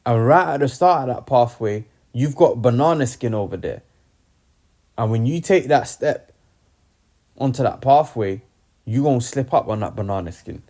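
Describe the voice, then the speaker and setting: A man's voice: medium pitch, animated, moderate pace, warm tone. A young man giving an informal, slangy Bible teaching, tagging his sentences with "man". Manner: slangy, streetwise, peppers talk with "man".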